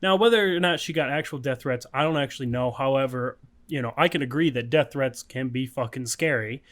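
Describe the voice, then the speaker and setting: A podcast co-host talks in a mid-range, fairly bright voice, speaking a little fast in loose, casual chat. He rambles through the story, laughing along the way, with lots of swearing and filler words.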